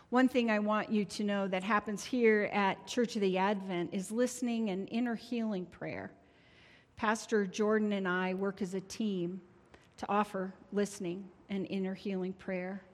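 A woman in her sixties giving a heartfelt, conversational testimony sermon as a prayer minister in a church sanctuary. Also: medium pitch. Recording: long church hall reverb.

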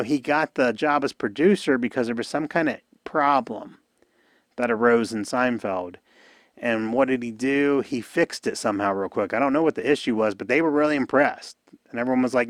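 A man hosting a podcast, giving a rambling, casual recap of an episode and acting out the characters' lines in quick voices. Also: medium pitch, no echo, studio quality. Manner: rambling, with many fillers and restarts. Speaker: podcast host.

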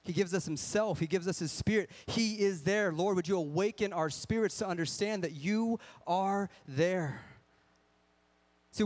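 A man's voice: high-pitched, a little mellow. A man preaching a sermon in an earnest, conversational way, asking rhetorical questions and acting out people's excuses. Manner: acts out excuses in a whiny voice.

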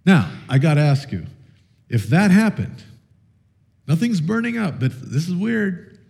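A man preaches to his congregation in a relaxed, conversational way, full of fillers and restarts as he builds a story. His slightly high voice swings up and down with lively intonation, and he takes his time. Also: measured pace, gravelly. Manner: animated, storytelling with audience participation. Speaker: pastor. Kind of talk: sermon.

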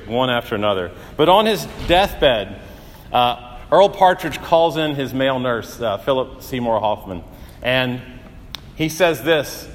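A male pastor preaches at a middle pitch, voice carrying a long reverb through a church sanctuary. He tells his stories earnestly, pausing for drama and building emphasis as he goes. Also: a bit bright. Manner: earnest storytelling with dramatic pauses and rising emphasis. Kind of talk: sermon.

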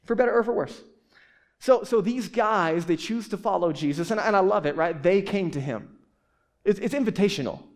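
A man's voice: sits high, brisk. Casual, conversational male pastor preaching. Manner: casual, conversational preaching with frequent restarts and asides. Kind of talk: sermon.

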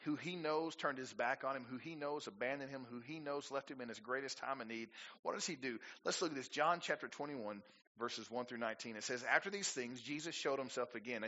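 Bright-voiced preaching man, lo-fi. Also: a little high. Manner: preaching with rising emphasis, rhetorical questions to the congregation. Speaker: pastor. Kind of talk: sermon.

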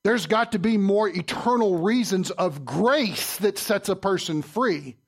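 A man preaching a sermon in church, quizzing his listeners and swinging between loud and soft. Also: high voice, animated, a little slow, breathy edge. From Southern United States. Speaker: pastor.

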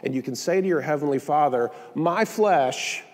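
A man's voice: medium pitch, quick pace, darkish tone, in a large hall. Man preaching conversationally with joking asides. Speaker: pastor. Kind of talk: sermon.

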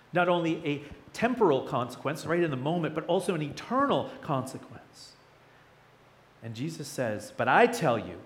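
A man in his thirties preaching a sermon as a pastor, conversational and chatty, with playful asides. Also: on the high side.

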